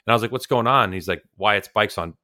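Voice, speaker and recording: A lowish, sharp-toned voice at a quick pace belongs to a California man co-hosting a racing podcast by remote call. Casual and teasing, he tells long stories that ramble on.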